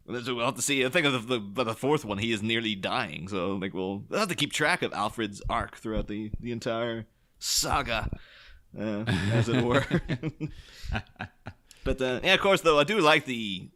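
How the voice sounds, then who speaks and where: A man's voice: medium pitch, moderate pace, sharp tone. A man co-hosting a podcast, talking through a film casually, rambling and laughing often as he mimics characters. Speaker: podcast co-host.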